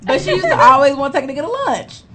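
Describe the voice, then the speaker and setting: Quick, high-voiced woman. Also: pushed and bright, faint music behind. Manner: chatty, laughing storyteller. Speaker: radio show co-host. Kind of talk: casual group chat.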